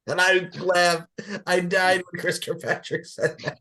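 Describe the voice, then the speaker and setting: Excitable middle-aged man hosting a chat. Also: fairly high pitch, moderate pace. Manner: excitable, swears, laughs often. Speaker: podcast host. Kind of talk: casual chat.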